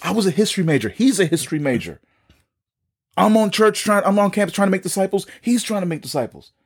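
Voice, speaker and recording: A man's voice: sits high, lively intonation, quick pace, husky. A man with a New York accent telling his own story in a casual podcast conversation, acting out the dialogue and repeating words as he goes.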